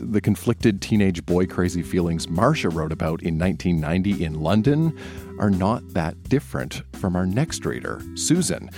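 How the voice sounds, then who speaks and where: A man hosting a live reading show, giving a calm, reflective scripted introduction. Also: low-pitched. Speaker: host.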